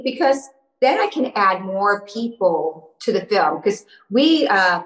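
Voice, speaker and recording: A woman's voice: mid-range voice, very animated, slow, reverberant, poor audio. A woman guest chatting on a podcast, a bubbly storyteller who laughs often. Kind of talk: casual podcast chat.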